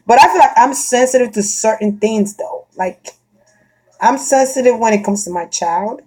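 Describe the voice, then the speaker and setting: A woman chatting casually and bluntly, swearing freely, laughing often and getting animated. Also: on the high side, moderate pace, slightly rough. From Florida. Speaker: vlogger chatting to a friend. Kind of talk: casual chat.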